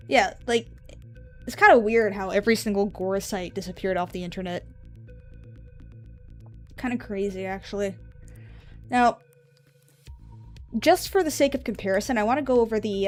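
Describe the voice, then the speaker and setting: A woman streamer chatting casually on a live stream, rambling and offhand with drifting asides. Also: medium pitch.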